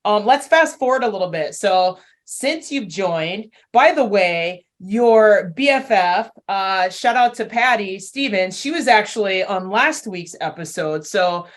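A woman hosting a podcast interview, upbeat and quick to laugh. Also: mid-range voice, lively intonation. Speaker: podcast host, gym owner.

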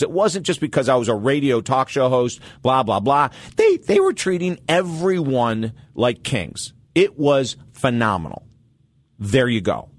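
A man hosting a radio talk show, telling a story in an upbeat, emphatic way with lively asides. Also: mid-range voice, no echo. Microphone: studio microphone.

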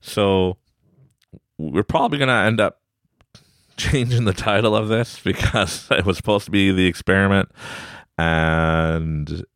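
A man's voice: low voice, a little slow, long pauses, fairly bright tone, clean tone, dry recording, studio quality. A man in his forties hosting a podcast, giving a rambling, upbeat motivational talk and laughing often. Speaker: podcast host.

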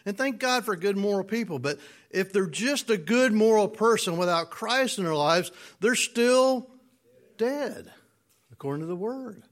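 A man's voice: high voice, animated. A man preaching a conversational sermon, stretching key words and checking in with the congregation. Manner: drawn-out emphatic words, playful asides. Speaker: pastor.

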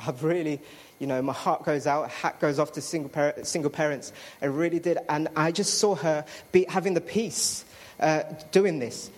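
A man giving a chatty personal testimony to a congregation, with fillers and restarts. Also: fairly high pitch. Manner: chatty storytelling with fillers and self-interrupting apologies.

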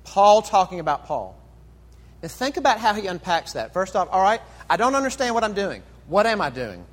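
A male pastor preaching in a conversational, animated way, stacking rhetorical questions. His voice sits somewhat high and leaps around in pitch. A long reverb from the church hall trails every phrase. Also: normal speed. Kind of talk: sermon.

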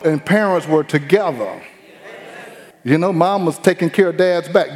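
A middle-aged man preaches in a folksy, joking way and acts out the voices in his stories. His voice sits fairly high for a man. It rings with the long reverb of a large hall. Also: lively intonation, moderate pace. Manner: folksy, humorous storytelling with acted-out quotes. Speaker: pastor. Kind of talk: sermon.

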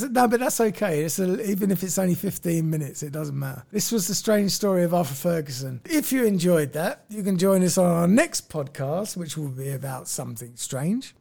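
Podcast co-host, woman, gravelly fry, outspoken, ranting. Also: lowish voice, dark tone. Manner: outspoken, ranting, conspiracy-minded. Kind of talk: casual chat.

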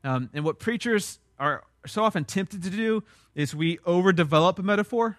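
A man's voice: high voice, lively intonation, moderate pace, fairly bright tone, no room sound, clean studio sound. A young man, preaching a sermon in a conversational, emphatic way. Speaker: pastor.

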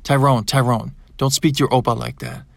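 A man's voice: medium pitch, little pitch movement, a little fast, creaky, dry recording, studio quality, natural voice. A man doing a blunt old reptilian grandfather. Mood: stern. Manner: blunt commanding orders.

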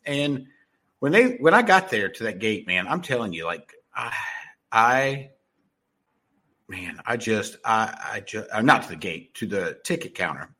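Man, husky voice, swears a lot, rambling casual story, lively up-and-down pitch, lots of restarts. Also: measured pace.

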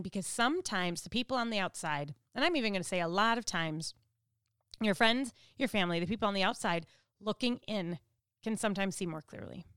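A woman's voice: mid-range voice, expressive, quick pace, fairly bright tone, smooth, no echo, studio quality. A woman giving a conversational devotional teaching who asks listeners direct questions. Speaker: devotional speaker.

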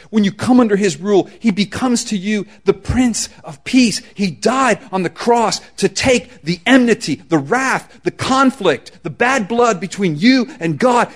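A man preaching a sermon as pastor, conversational and slangy, swinging from hushed lines to loud emphasis. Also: high-pitched. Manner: conversational, uses casual slang.

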